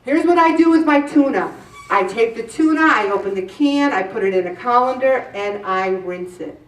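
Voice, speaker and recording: A middle-aged woman hosting a weight-loss show, giving chatty diet advice in an animated, exclamatory way and repeating words for emphasis. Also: medium pitch, normal speed, distant mic. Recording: echoey room, voice from off mic.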